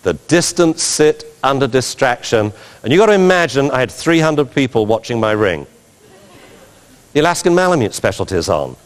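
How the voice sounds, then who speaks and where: A man giving an animated talk as a dog trainer, telling stories with laughter and mimicked sounds. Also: medium pitch, moderate pace, long reverb tail. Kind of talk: animated anecdotal lecture.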